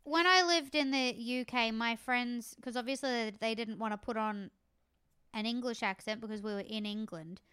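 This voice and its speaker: A woman's voice: fairly high pitch, normal speed, sharp tone, smooth. A woman in casual chat, making wry remarks. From Australia.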